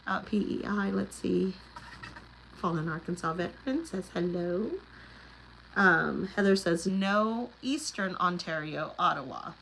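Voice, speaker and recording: A woman's voice: fairly low pitch, a little slow, creaky, a bit bright, a little hiss or hum, rough recording. A middle-aged woman, chatting casually on a livestream and reading out viewer comments. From Oklahoma Panhandle. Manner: chatty, laughs often, rambling asides. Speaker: livestream host.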